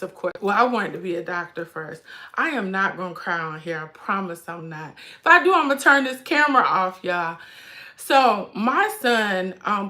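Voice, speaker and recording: A woman's voice: medium pitch, pushed and bright. A woman, hosting a casual handbag livestream, chatty and emotional, fighting back tears. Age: 40s. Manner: chatty, addresses viewers as y'all. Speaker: handbag vlog host.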